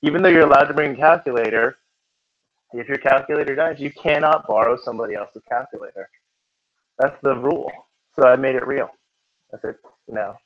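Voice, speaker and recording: A man's voice: medium pitch, a little fast, long pauses. Joking male tutor in a dull recording. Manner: chatty, joking with students. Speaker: test-prep tutor. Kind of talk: classroom teaching. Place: classroom.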